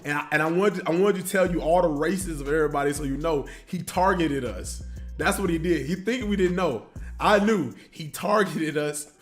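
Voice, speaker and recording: A man casually telling a funny story on his livestream in an animated, slangy way with lots of asides. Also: fairly high pitch, moderate pace, soft background music.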